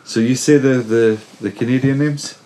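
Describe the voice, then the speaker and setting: A man with a Scottish accent co-hosting a casual podcast, talking haltingly with many fillers and self-corrections. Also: mid-range voice, steady tone, warm tone. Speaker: podcast co-host. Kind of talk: casual chat reviewing wrestling.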